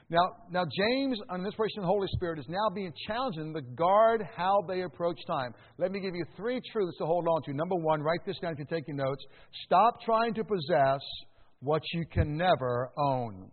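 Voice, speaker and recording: Pastor, male, fairly high voice, animated preaching, lo-fi phone-like sound, long hall reverb. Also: normal speed. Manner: animated preaching, shouts to grab attention, conversational asides. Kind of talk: sermon. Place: church sanctuary.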